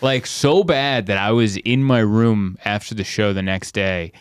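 A comedian telling stories in a casual podcast chat, animated and often laughing as he mimics people. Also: fairly low pitch, measured pace, clear, resonant tone, no echo, studio quality.

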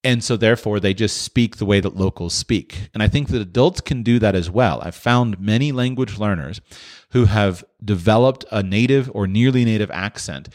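A man's voice: on the low side, normal speed, darkish tone. A man hosting a question-and-answer podcast, talking through his answer off the cuff with frequent restarts. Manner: thoughtful, with frequent restarts and filler. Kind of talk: unscripted monologue.

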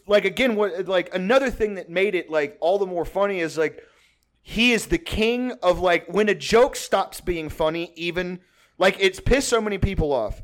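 Man from Texas, podcast host, high voice, casual storytelling, rambling, profane, laughs a lot. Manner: rambling, profane, laughs often, many restarts.

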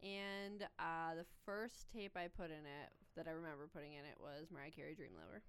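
A woman's voice: sits low, fairly quick, clean tone, no echo. A woman co-hosting a podcast in casual chat, very tired and short on sleep, blunt and swearing casually. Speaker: podcast co-host.

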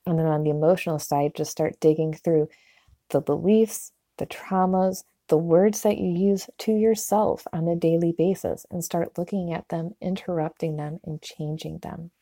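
A woman's voice: on the low side, steady tone, normal speed, dark tone, dry recording, studio quality. A woman coaching listeners in a motivational talk, earnest and encouraging, often acting out quoted inner voices. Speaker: wellness coach.

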